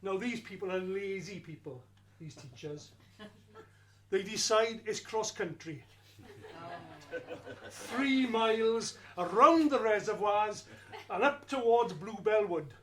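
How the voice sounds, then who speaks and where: Male storyteller, unhurried and wry, lively delivery. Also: high-pitched. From Wales. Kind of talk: first-person storytelling performance.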